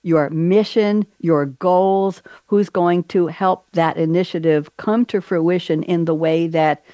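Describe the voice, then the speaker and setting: A woman's voice: lowish voice, fairly even intonation, slow pace, dark tone, dry recording. A woman hosting a panel show, chatty and playful, with joking asides. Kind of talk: casual moderated panel talk.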